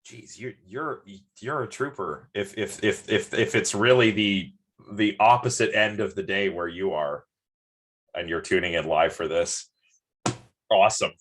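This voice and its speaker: A man's voice: on the low side, a little slow, a bit bright. A man giving a live-streamed lecture, chatty and rambling, with many ums and restarts.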